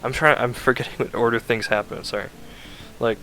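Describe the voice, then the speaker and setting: A man's voice: mid-range voice, fairly even intonation, fairly quick, bright, forceful tone. A man casually rambling through a recap of a video game plot, full of "like" fillers and self-corrections.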